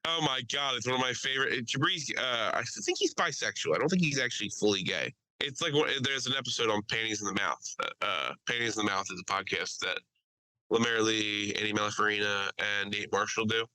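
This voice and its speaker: A young man telling stories on a casual podcast, talking loud, swearing freely and laughing often. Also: lowish voice, brisk, low-quality recording. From Delaware County, Pennsylvania. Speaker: podcast host.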